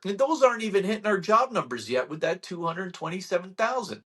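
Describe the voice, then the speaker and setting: A man hosting a real estate channel, giving a casual market update to camera in an animated, sarcastic rant. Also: sits high, brisk, slightly rough. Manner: animated ranting, sarcastic mock quotes.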